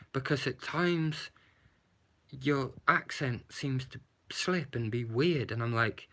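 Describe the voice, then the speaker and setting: A man's voice: medium pitch, a bit bright. A man giving a blunt, sarcastic movie review, swearing and adding "yeah?" to his points. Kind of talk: casual movie review rant.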